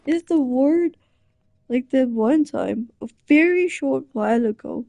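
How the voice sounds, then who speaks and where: A woman's voice: sits high, expressive, a little slow, vocal fry, warm tone, no room sound. A young woman chatting casually, flustered and embarrassed, rambling and restarting her sentences. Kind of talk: casual chat.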